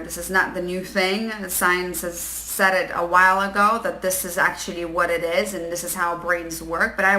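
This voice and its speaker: Chatty woman coach with a bright voice. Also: medium pitch, echoey room, rough recording. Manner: chatty, animated, greets viewers, acts out inner voices. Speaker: life coach. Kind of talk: live-stream talk to viewers.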